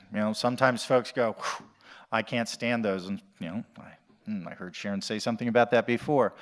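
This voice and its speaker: A man from the USA giving a conference talk as an animal shelter director. He speaks at an ordinary mid pitch, chatty and quick to joke. He talks straight to the audience. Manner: jokey, conversational, addresses audience directly. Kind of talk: conference presentation.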